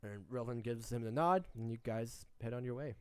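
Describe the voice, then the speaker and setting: A man's voice: mid-range voice, normal speed, a crowd in the background. A man narrating as game master in a tabletop game, rambling with many restarts. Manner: rambling, frequent restarts and fillers.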